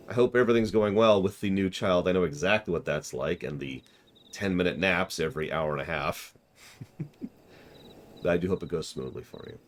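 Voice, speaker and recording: A man streaming and reviewing a game, talking casually with sardonic, ranting humor. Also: deep voice. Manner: sardonic, ranting with mock vehemence. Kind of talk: casual game commentary while reading dialogue aloud.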